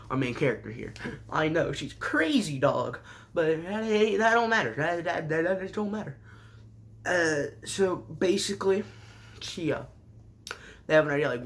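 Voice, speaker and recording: Male anime reviewer, deadpan sarcasm, rambling recap, slightly high voice. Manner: sarcastic, rambling, with jumpy pitch.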